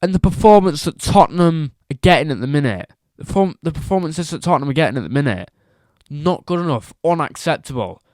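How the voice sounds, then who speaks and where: A man's voice: fairly high pitch, animated, brisk, darkish tone, dry recording, clean studio sound. A man giving a casual football opinion rant as a vlogger, emphatic and repetitive, firing off rhetorical questions.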